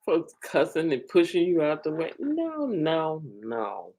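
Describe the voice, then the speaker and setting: A woman hosting a casual live stream, chatting with her viewers in a lively, talkative way and laughing often. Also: sits low, a little slow. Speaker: livestream host.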